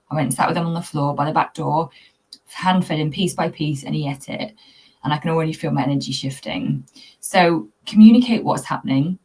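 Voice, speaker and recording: A woman coaching pet owners in a talk-to-camera video, speaking in an earnest, reflective, gently spiritual way. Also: sits low, breathy edge. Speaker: cat anxiety coach. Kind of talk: talking-to-camera tips video.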